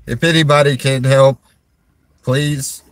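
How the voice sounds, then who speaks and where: A man talking to viewers on a livestream, halting and strained, restarting his sentences and sighing, from a parked vehicle in a store parking lot. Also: medium pitch, steady tone, no echo. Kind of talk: emotional livestream talk to viewers.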